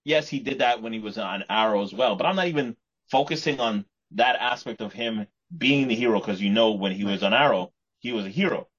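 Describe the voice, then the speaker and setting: Guy on a podcast, kinda raspy, rambly, lots of restarts, dull lo-fi audio. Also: on the low side, brisk, a bit bright. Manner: rambling, repeats and restarts words. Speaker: podcast co-host. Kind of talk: casual chat.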